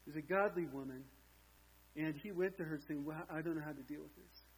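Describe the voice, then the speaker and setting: A man's voice: on the high side, brisk, slightly rough, poor audio. A man preaching a sermon as pastor, telling a story with casual asides to the congregation.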